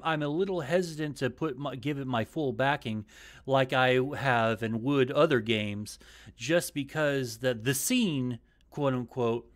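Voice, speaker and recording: Guy hosting a gaming news stream, rambly, lots of uhs, swears a bunch, mid pitched voice. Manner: rambling, stumbling, profane, lots of uh fillers. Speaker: podcast host. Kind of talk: casual gaming news chat. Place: home setup, live stream.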